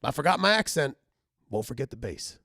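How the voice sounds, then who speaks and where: A man playing a chipper bunker dweller and former bar bassist, talking in a folksy, rambling comedy monologue that keeps interrupting itself. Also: big pitch swings, brisk, gravelly, pushed and bright, dry recording, studio quality, exaggerated voice. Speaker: comedy character host.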